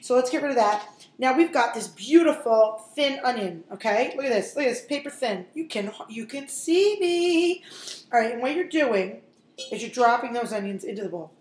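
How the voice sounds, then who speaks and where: High-voiced lady doing a jokey cooking demo, kitchen sounds roomy. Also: animated, normal speed, a little mellow. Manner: chatty, jokey, talks straight to viewers. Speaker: cooking show host. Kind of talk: casual cooking demonstration.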